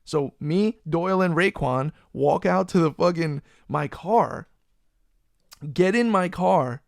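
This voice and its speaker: A man hosting a podcast, telling a long story in a loose, animated, profane way. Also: high voice, takes it slowly, gravelly, no room sound, studio quality. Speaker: podcast host. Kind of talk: casual storytelling chat. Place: Florida.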